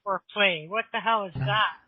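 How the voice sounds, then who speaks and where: A woman co-hosting a radio talk show, joking and teasing in casual chat while her sore throat makes her cough. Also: medium pitch. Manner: joking, teasing, quick interjections. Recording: tinny phone-like radio line.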